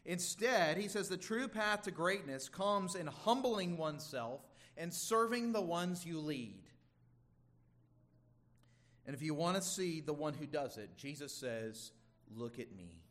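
Earnest preaching man, higher voice. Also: animated, a little slow, a bit bright. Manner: earnest, emphatic preaching with some stumbles. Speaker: pastor. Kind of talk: sermon.

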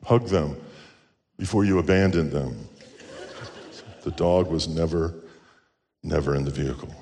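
Pastor, male, very low voice, chatty joking sermon delivery, long hall echo. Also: measured pace, dark tone. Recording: echoey church hall.

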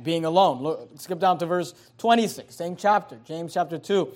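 A man with a high voice preaches a sermon to his congregation. He teaches verse by verse, explaining the text, then presses his points home with growing force. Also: moderate pace, hardly any pauses, a little mellow. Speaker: pastor.

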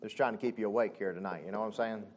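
A man preaching a sermon. He talks conversationally with frequent asides and swings between loud exclamations and soft, low passages. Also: fairly even intonation, very fast. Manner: conversational, with frequent "you know what I'm saying" asides. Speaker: pastor.

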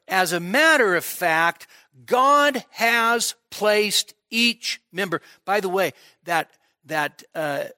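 A man's voice: high-pitched, sharp tone, dry recording, studio quality. A middle-aged man preaching an expository sermon at a midweek church service, emphatic, often repeating words as he builds a point. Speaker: pastor.

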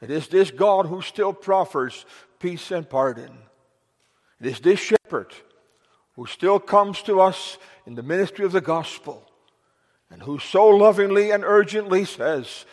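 A male pastor delivers a grave, pleading sermon with slow, weighty emphasis and a voice pitched a little high. His words ring out with the long reverb of a church sanctuary. He moves into formal prayer with archaic phrasing. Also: expressive. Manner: solemn, urgent preaching with slow emphatic pauses.

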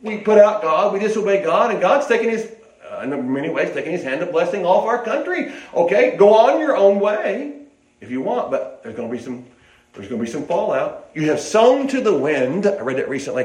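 A man's voice: high voice, lively intonation, brisk. An older man preaching a sermon in a folksy, rambling way, with restarts and asides, in an echoey hall.

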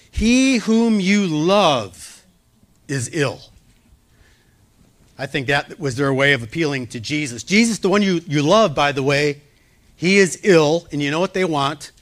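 A male pastor preaching a sermon, lifting his voice for quoted pleas and dropping it soft and low to comfort. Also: expressive, moderate pace.

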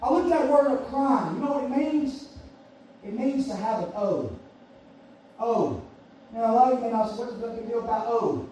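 A preacher man with a high voice pounds on repeated phrases, rising to shouts and then dropping to near-whispers. He sounds distant from the microphone in a very echoey church, with faint hiss underneath. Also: animated, normal speed, pauses often. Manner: emphatic and repetitive, swinging from shouts to hushed tones. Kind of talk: sermon. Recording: echoey room, voice far from mic, faint hiss.

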